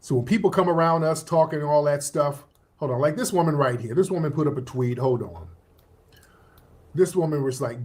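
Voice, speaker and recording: A man hosting a livestream and commenting emphatically on social media posts, often pausing to scroll. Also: a little high, animated. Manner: emphatic, often stops with "hold on" while scrolling. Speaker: livestream host.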